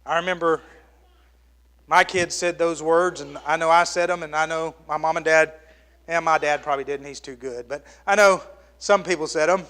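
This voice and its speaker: A middle-aged male pastor delivering a sermon with a bright, forceful edge to his voice. He swings from loud, animated exclamations down to hushed, almost whispered lines, and his voice sits a little higher than most men's. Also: moderate pace, pauses often.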